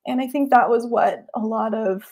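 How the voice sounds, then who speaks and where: A woman's voice: on the high side, moderate pace, a little mellow. A young adult woman, a therapist, talking in an earnest, heartfelt and reflective way during an interview. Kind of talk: interview conversation.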